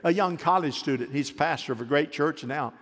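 A male pastor delivers a storytelling sermon in a slightly higher voice. He calls on the congregation to respond, and a long church-hall reverb trails his words. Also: fairly quick, fairly bright tone.

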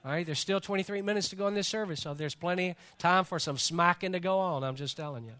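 A man's voice: high-pitched, fast, bright, forceful tone. A male pastor preaching a sermon in a church service, talking conversationally and joking with the congregation.

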